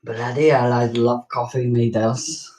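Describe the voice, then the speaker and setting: A man's voice: medium pitch, flat delivery, measured pace, a little mellow, recorded from a distance. Rambling Glaswegian man in a roomy space. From Glasgow, Scotland. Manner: rambling, swearing, laughs often. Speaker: vlogger. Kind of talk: casual chat. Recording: roomy, from the mic.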